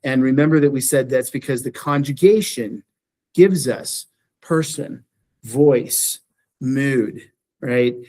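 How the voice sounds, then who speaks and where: A man's voice: mid-range voice, slow pace, mellow. A man teaching a beginning Greek class, explaining patiently and often repeating phrases and asking "right?". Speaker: Greek instructor. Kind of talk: classroom lecture.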